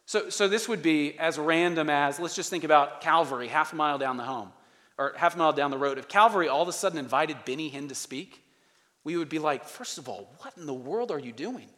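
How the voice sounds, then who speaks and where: A man with a fairly high voice preaches a sermon in a church sanctuary. He talks in a conversational but emphatic way, stacking short repeated phrases for stress. His voice carries with the long reverb of a large hall. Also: brisk, a bit bright. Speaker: pastor.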